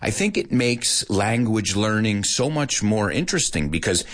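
Lively American man hosting a show. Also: fairly low pitch, normal speed. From United States. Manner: animated, playful, mixes Spanish in. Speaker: radio show host. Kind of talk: casual chat to Spanish-speaking learners.

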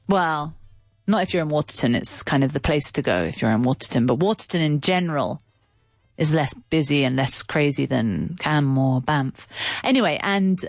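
Chatty woman teacher with lively pitch. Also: dry recording, clean studio sound. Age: adult with a child. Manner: chatty and animated, explains words as she goes. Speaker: English teacher. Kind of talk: casual storytelling lesson.

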